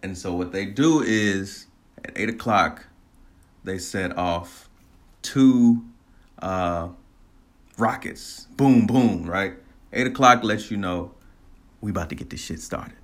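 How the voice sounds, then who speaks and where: A man casually telling a personal story, animated, laughing often and swearing freely. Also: low voice, slow pace, long pauses.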